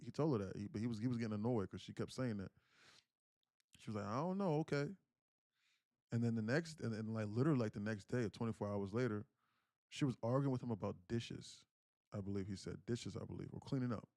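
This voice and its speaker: A man's voice: lowish voice, quick pace, warm tone, no room sound, clean studio sound. A man around thirty, a livestream host, earnestly telling a personal family story and often repeating his phrases. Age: 30s. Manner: earnest, candid, repeats himself while recounting. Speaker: day trading livestream host.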